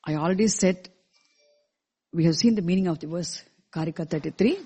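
A teacher explaining a scripture verse to a class in a measured way, repeating key terms and asking the listeners questions, with verses chanted slowly in between. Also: mid-range voice, a little mellow, slightly rough. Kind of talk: scripture lecture.

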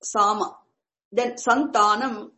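Slow, patient woman teacher. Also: a little high, fairly even intonation, sharp tone, low-quality recording. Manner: patient, repeats and restarts while explaining terms. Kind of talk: lecture on Vedic chanting.

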